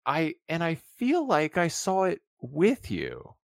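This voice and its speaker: A man's voice: a little high, wildly swooping pitch, slow pace, vocal fry, no echo, clean studio sound. A man in his thirties co-hosting a movie podcast, chatting casually and animatedly. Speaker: podcast co-host. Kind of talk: casual chat.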